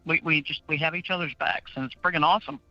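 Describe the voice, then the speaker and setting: A woman's voice: deep voice, quick pace, sharp tone, no echo. Outspoken woman caller on a phone line. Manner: outspoken, laughs easily. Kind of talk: casual call-in chat. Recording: dull dry phone line.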